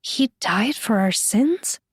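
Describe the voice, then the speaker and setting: A woman voicing a bewildered, caring teenage girl in an audiobook, her voice lifted high above the narration. She asks earnest, worried questions in a dry, close sound. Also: lively intonation, slow pace, husky, dry recording, exaggerated voice. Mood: concerned.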